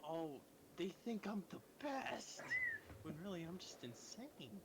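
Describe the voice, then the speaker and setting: A playful man joking through a tabletop game, his pitch bouncing all over. There is clear noise on his line. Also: unhurried. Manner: playful, goofy, lively. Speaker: player.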